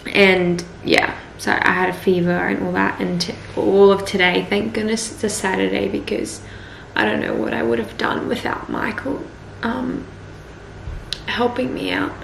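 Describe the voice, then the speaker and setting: Young woman, casual vlog diary, rambling, bright tone, tired and unwell, phone recording. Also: medium pitch, flat delivery, unhurried, vocal fry, a little hiss or hum. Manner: chatty, rambling, full of "like". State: tired and weak from illness. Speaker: vlogger. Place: bus, then a car.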